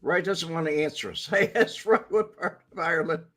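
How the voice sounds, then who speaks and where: An older man co-hosting a casual live-stream chat, giving dry, deadpan replies. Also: fairly high pitch, fairly quick. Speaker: co-host.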